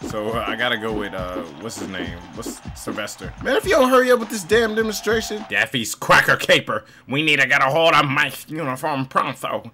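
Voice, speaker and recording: A young man hosting casual gameplay commentary, excitable and swearing, often mocking himself. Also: mid-range voice, a little fast, hardly any pauses, faint music behind. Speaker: gaming channel host.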